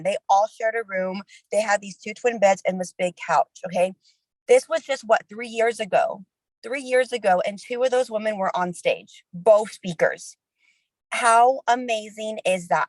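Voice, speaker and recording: A woman giving a casual, energetic motivational talk on a livestream, chatty, with quick asides and self-interruptions. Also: mid-range voice, no room sound, poor audio. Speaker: team leader sharing a conference recap.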